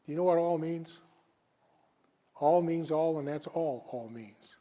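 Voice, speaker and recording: Male guest preacher, slightly high voice, slow deliberate sermon delivery with big dynamic swings. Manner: dramatic swings between loud emphasis and quiet asides.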